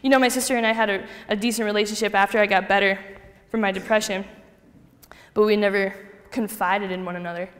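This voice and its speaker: A young woman giving a personal faith testimony to a group, telling her story with lively acted-out dialogue. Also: mid-range voice, quick pace. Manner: animated storytelling, acting out quoted dialogue. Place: hall with a group. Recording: long reverb of a hall.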